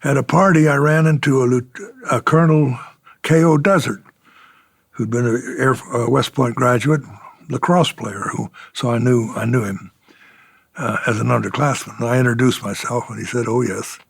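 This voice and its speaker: A man's voice: mid-range voice, fairly even intonation, moderate pace, creaky, husky, dry recording. An older man, a retired fighter pilot, telling war stories in an oral history interview, chuckling and acting out the exchanges he quotes.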